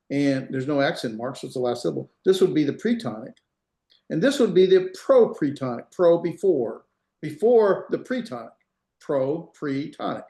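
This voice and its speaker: Teaching Hebrew online on a video call, a man with a warm, somewhat high voice speaks from an echoey room. His lecture proceeds patiently step by step, with words repeated so students can catch them.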